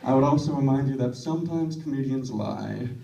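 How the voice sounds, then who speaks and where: A man performing a stand-up comedy set with a deadpan, self-deprecating delivery, in a comedy club with a laughing audience. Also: medium pitch, brisk, gravelly, distant mic, muffled recording, crowd noise. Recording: roomy club, mic heard from afar, audience laughing.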